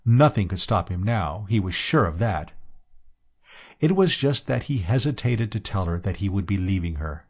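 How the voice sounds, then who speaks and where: Low-voiced man narrating an audiobook. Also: lively intonation, normal speed, darkish tone, breathy edge. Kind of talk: scripted narration.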